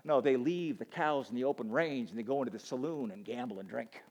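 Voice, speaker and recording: A man preaching a sermon, animated and joking, often repeating words as he stumbles. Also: medium pitch, fairly quick, poor audio. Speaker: pastor.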